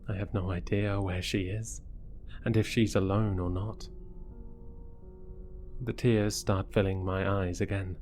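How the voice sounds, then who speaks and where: A man reading a horror story aloud in a measured, scripted narration. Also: fairly low pitch, a little mellow. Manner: slow, measured storytelling delivery.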